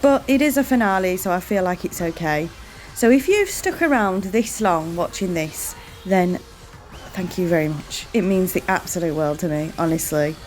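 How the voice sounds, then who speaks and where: A woman's voice: lowish voice, animated, normal speed, faint music behind. Chatty woman playing a game. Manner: chatty and rambling, thanks viewers warmly. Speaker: gaming channel host. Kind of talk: let's-play commentary.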